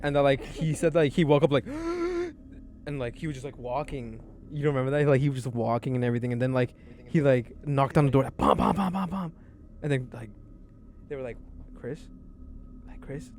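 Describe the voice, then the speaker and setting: A young man co-hosting a podcast in casual chat, eagerly cutting in with questions and quick retellings. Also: medium pitch, fairly even intonation, darkish tone, slight background noise.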